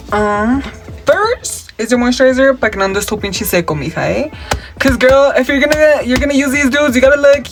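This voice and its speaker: A man's voice: high voice, a bit bright. Sassy makeup vlogger man. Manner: sassy, profane, switching between English and Spanish slang. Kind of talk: casual chatty makeup tutorial with story time. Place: at home.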